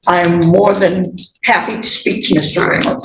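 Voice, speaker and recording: Female defense attorney, measured and polite, gravelly edge, distant from the mic in an echoey courtroom. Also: on the low side, flat delivery, background noise. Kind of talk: courtroom exchange.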